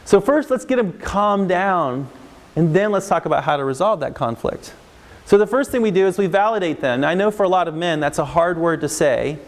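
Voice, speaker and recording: A middle-aged male counselor talks fairly quickly during a live parenting workshop in a large hall, his fairly high voice trailing long reverb. He gets animated, raising his voice to impersonate parents and children.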